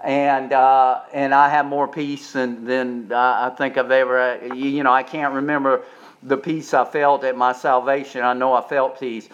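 A man's voice: mid-range voice, little pitch movement, normal speed, fairly bright tone. A man, preaching a sermon as pastor, repeating words and building to emphatic peaks. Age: 70s. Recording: dull lo-fi sound.

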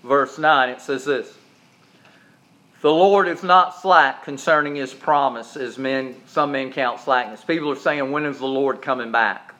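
A man preaching a sermon as pastor, shifting from loud, raised preaching to low, quiet storytelling. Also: a little slow. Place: church.

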